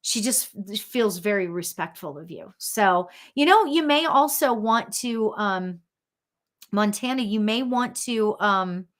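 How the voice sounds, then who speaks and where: A woman's voice: mid-range voice, lively intonation, measured pace, fairly bright tone. A woman hosting a live spiritual reading show, chatting casually with viewers, giggly and full of ums and restarts.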